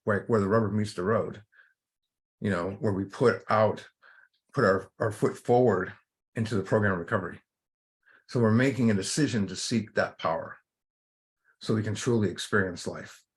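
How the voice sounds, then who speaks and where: A man leading a recovery workshop, giving an informal spiritual talk in a rambling way, full of fillers and restarts. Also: on the low side.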